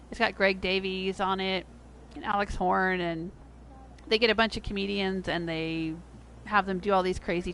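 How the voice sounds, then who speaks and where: A middle-aged American woman talks through her game livestream in a loose, chatty way. She laughs easily and her voice jumps high when she is surprised. Her pitch is mid-range, with a faint hiss in the background. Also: a bit bright. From United States. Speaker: game streamer. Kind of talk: casual livestream chat.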